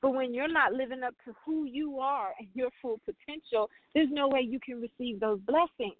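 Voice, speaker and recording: A woman's voice: sits high, moderate pace, dry recording. A woman hosting a spiritual talk, speaking earnestly and often repeating and restarting her phrases. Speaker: spiritual reader and host. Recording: tinny phone-like sound, dry.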